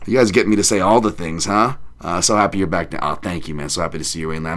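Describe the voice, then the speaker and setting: A man hosting a podcast livestream in a casual chat, rambling and excitable, thanking viewers and swearing often. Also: mid-range voice, brisk, few pauses. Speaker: podcast host.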